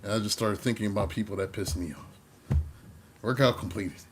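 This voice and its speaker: A man's voice: on the low side, moderate pace, background noise. A middle-aged man, a tarot reader, chatting casually and slangily to his livestream viewers. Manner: laid-back, chatty, slangy.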